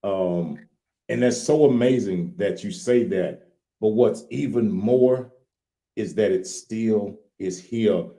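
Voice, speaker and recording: A man in his late fifties from Louisiana with a Southern accent, co-hosting a casual livestream chat in a folksy, animated way. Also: fairly low pitch, takes it slowly. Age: late 50s. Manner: folksy, animated, repeats "look here". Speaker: co-host.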